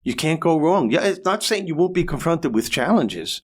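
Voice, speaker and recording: A man in his sixties, a comedian and motivational speaker, telling a story as a guest in a podcast interview, animated and building to louder, faster peaks. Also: on the high side, slightly rough.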